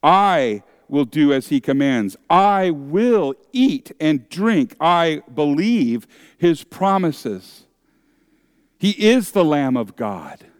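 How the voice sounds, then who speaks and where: A man's voice: fairly high pitch, smooth, no room sound, clean studio sound. A male pastor preaching a sermon, acting out the voices of objectors and accusers with dramatic shifts.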